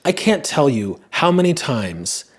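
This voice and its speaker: A man's voice: medium pitch, sing-song, unhurried. A young man hosting a podcast, musing earnestly on listener messages in a casual monologue, with sudden emphatic rises.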